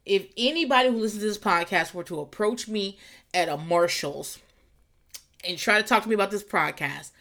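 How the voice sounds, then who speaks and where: Bright-voiced rambling, profane woman podcaster. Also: moderate pace. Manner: rambling, profane, laughs often, jumps to squealing high voices for quotes. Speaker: podcast host. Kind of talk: casual solo podcast rant. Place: garage.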